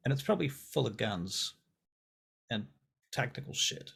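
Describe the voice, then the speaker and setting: Gravelly-voiced man running a tabletop game. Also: mid-range voice, big pitch swings, a little slow, fairly bright tone. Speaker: game master.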